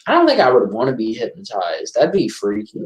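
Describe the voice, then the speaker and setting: A man giving casual, excitable commentary over a horror movie, rambling and restarting his sentences. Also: fairly low pitch, brisk, muffled recording. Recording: echoey room.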